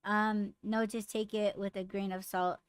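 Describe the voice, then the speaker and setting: A woman hosting a podcast, chatting casually and bluntly with lots of swearing, getting raised and animated when riled. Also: medium pitch, measured pace, clean tone, no echo. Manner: blunt, profane storytelling. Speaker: podcast host. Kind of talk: casual chat with live comments.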